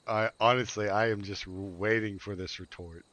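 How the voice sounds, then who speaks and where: A man's voice: fairly low pitch, steady tone, moderate pace, a bit bright. A man streaming a game, chatting and teasing his viewers in a joking, casual way.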